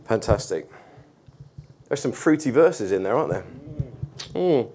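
A man's voice: mid-range voice, sing-song, dark tone, a little hiss or hum. A man preaching informally to a church group, chatty and joking with many fillers. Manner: slow, deliberate scripture reading. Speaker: preacher leading a Bible study.

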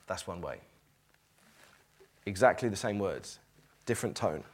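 A man's voice: lowish voice, sing-song, moderate pace, pauses often. A middle-aged man preaching a sermon, reading scripture aloud and acting out its tone with emphasis.

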